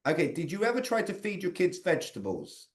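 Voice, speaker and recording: A man with a fairly high voice coaches a group over a video call. He keeps the talk conversational, stopping to put questions to people by name. His tone is that of an interactive training session on sales communication. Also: huge pitch swings, fast talker.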